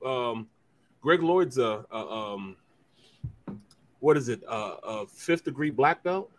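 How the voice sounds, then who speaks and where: A middle-aged man, a former football player, co-hosting a sports talk show and telling animated stories with acted-out voices. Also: medium pitch, slow, slight background noise. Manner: animated storyteller who acts out quoted voices. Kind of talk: casual sports talk, storytelling.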